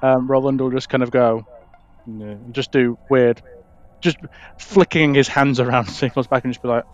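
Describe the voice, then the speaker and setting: A man's voice: mid-range voice, steady tone, moderate pace, lo-fi sound. A man playing a tabletop game, describing his character's actions casually and hesitantly. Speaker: player. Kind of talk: tabletop role-play.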